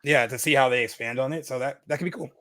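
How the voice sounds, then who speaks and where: A man talking through a film in a casual podcast chat, rambling and full of fillers. His speech runs quick and bright. The sound is dry and close. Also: mid-range voice, no echo. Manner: rambling, many fillers and restarts. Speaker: podcast co-host.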